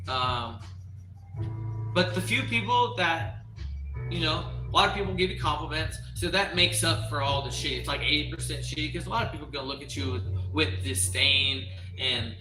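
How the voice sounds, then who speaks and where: A man's voice: a little high, normal speed, recorded from a distance. A man hosting a casual livestream, rambling and restarting often as he reads search results aloud. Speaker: livestream host. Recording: echoey room, off-mic, faint music.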